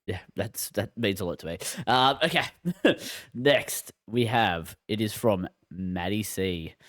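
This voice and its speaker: A man's voice: on the low side, slow, fairly bright tone, dry recording, studio quality. A man hosting a podcast in casual chat, laughing often. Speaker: podcast host.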